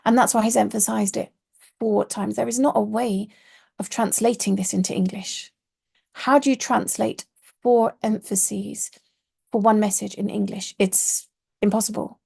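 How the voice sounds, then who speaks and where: Teaching Quranic Arabic in an online course lesson, a woman speaks with fairly even intonation at a measured pace. Her low, mellow voice is breathy and husky with strong vocal fry, and she explains patiently, emphasizing important words.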